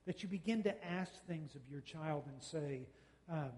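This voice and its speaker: A man giving a talk on parenting, folksy and conversational, acting out quick exchanges with kids. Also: a little high, dark tone, long reverb tail. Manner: folksy, uses quoted dialogue and quick mock exchanges. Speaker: speaker on parenting, radio host and counselor.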